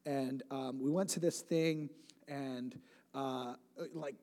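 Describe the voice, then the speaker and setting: Speaking slowly in a mellow, medium-pitched voice with fairly even intonation, a man in his late twenties shares stories in a church talk. He rambles conversationally, drops sentences partway, and adds humor, all heard through long hall reverb.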